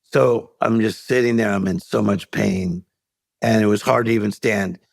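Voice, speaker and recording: Gravelly man telling a lively story. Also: on the low side, normal speed, no echo. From United States. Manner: animated storyteller acting out quoted voices. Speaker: guest, life coach. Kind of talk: storytelling in a podcast interview.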